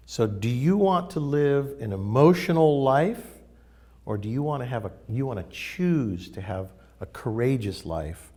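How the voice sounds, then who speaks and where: A man teaching in a casual spiritual talk, emphatic and animated as he tells stories. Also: mid-range voice, measured pace.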